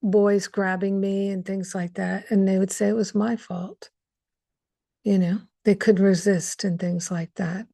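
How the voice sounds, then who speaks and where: A woman's voice: medium pitch, darkish tone, no room sound. Earnest woman giving a dry spiritual talk. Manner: earnest, reflective, with frequent fillers and restarts. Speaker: spiritual teacher hosting an online gathering.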